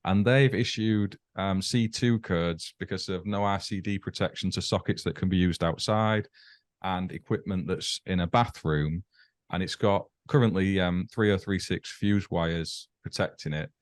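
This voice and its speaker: A man in casual podcast chat who puts a question and explains it step by step in a measured way. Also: low-pitched, no room sound, clean studio sound. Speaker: podcast host.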